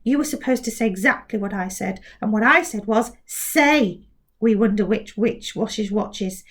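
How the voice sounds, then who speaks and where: Clever little girl, careful and precise, slowish, a woman teacher reading. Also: medium pitch, a bit bright. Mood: determined. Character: clever determined young girl.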